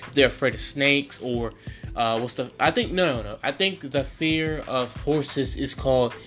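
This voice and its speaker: A young man hosting a casual solo podcast, rambling and animated, swearing freely and restarting his sentences often. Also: mid-range voice, moderate pace, faint music behind. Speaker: podcast host.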